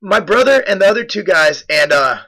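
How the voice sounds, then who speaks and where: A man's voice: high voice, lively intonation, brisk, sharp tone, rough recording. A young man casually narrating a gym video, joking and boastful as he rambles through stories. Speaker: fitness supplement company host. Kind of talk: casual gym vlog commentary.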